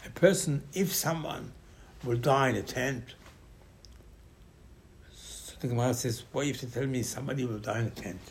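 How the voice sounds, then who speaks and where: A man giving a Torah lesson, telling the story in lively dialogue and repeating key phrases for emphasis. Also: mid-range voice, normal speed, pauses often, slight background noise. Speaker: rabbi.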